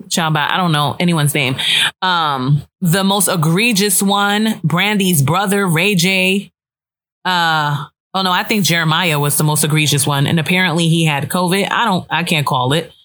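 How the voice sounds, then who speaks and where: A young woman from the US East Coast hosts a casual solo podcast, chatty and opinionated, swearing freely as she gives her frank take. Her voice is lowish and a bit bright.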